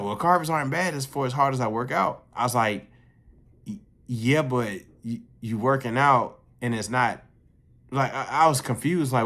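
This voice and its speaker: A young man telling a casual story, profane and animated, jumping his voice up high when he quotes others. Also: moderate pace.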